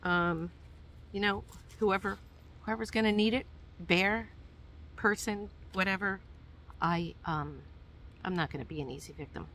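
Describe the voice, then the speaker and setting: A woman's voice: medium pitch, unhurried, pauses often, fairly bright tone, slight background noise. A woman with a New York accent chatting casually through her hiking gear, rambling with plenty of ums and uhs. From New York, USA. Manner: chatty, rambling with many fillers. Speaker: hiking vlogger. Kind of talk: casual show-and-tell.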